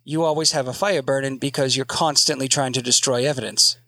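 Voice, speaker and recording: A man's voice: medium pitch, steady tone, a little fast, sharp tone, no echo. A man hosting a podcast, chatting casually in a joking, profane, rambling way. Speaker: podcast host.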